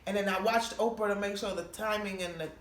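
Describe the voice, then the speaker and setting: A woman's voice: medium pitch, fast. A woman comedian telling a long, profane story on a podcast, acting out the people in it. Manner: animated, profane storytelling with quoted voices. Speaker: comedian guest. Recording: roomy, distant mic with faint noise.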